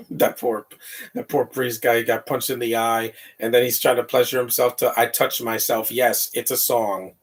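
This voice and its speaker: A man talks over a comedy film in a loose, rambling commentary. He laughs often and reacts loudly to the scenes, sometimes quoting lines in a high voice. His voice sits at an ordinary middle pitch. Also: fairly even intonation, moderate pace. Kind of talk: casual live movie commentary.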